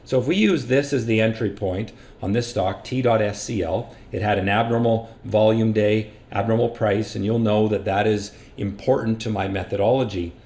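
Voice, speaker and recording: A man's voice: lowish voice, moderate pace, hardly any pauses, a little mellow. A man who runs a stock trading education channel, explaining risk and stop losses over a screen recording in a plain, practical teaching manner. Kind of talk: screen-share market lesson.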